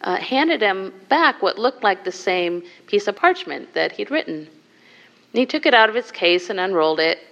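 A woman meditation teacher telling a teaching story and leading a guided meditation in a gentle, soft-spoken way. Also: medium pitch, lively intonation, moderate pace, creaky, muffled recording.

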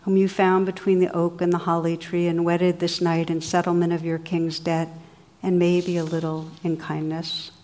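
A woman voicing an enchanted noblewoman who speaks slowly, sweetly and in a measured way, in a storybook reading. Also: lowish voice, flat delivery, darkish tone, natural voice. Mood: gentle. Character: enchanted noblewoman, gentle, grave and wise.

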